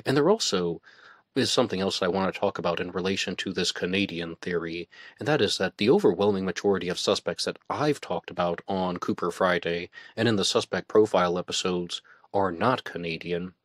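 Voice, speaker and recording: A man hosts his own podcast and thinks out loud in a relaxed, conversational way. His voice sits very low, and he sometimes trails off or restarts. The sound is dry and close, with no room around it. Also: fairly quick, dry recording. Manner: conversational, musing aloud with hesitations. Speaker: podcast host. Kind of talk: casual solo commentary.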